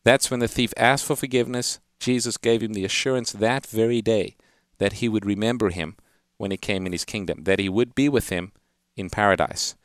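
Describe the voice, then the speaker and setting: A man's voice: lowish voice, fairly quick, no echo, studio quality. A man hosting a call-in radio show, earnestly explaining Bible verses to callers and quoting scripture in a lifted reading voice. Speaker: radio Bible-answer host.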